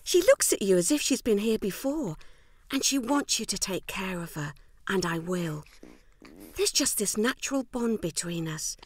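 A weary housewife, played by an actress, telling her life in a scripted film monologue. She sounds wry and rueful, quietly downcast, with a voice at an ordinary middle pitch for a woman. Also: lively intonation, moderate pace, no echo, natural voice. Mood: wistful. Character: weary, wry English housewife in a loveless marriage.

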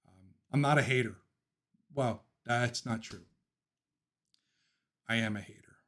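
Chatty opinionated Philly-raised livestream host. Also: male voice, medium pitch, measured pace, a bit bright. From Philadelphia. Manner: laughs often, opinionated ranting; talks through thoughts with frequent ums and restarts. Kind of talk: casual livestream chat, reading viewer comments.

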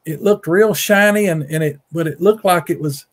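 A middle-aged man from Mississippi with a drawl tells a long story in a casual, rambling way. His voice sits a little high for a man, and he doubles back on his words. He jumps higher when he acts out other people's lines. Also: moderate pace. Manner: folksy, repeats words, acts out quotes in a raised voice. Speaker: guest storyteller, Bigfoot researcher. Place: home on a rural farm.

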